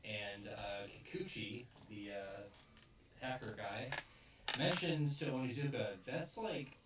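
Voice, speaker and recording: A man hosting a casual review chat, retelling the story in an animated way and laughing often. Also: lowish voice, measured pace. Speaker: podcast host. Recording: echoey room, distant mic, faint noise.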